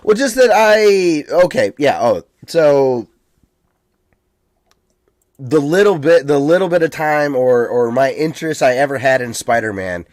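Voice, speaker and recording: A man co-hosting a podcast in casual chat, hesitant and halting, often restarting his sentences. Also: on the high side, lively intonation, darkish tone, dry recording, studio quality. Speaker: podcast co-host.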